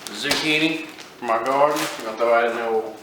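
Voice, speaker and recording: A man's voice: medium pitch, fast. A man hosting a casual cooking vlog in a kitchen, talking in a laid-back, folksy way. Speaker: fishing channel host. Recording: echoey kitchen, mic far off, noisy. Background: frying and sizzling.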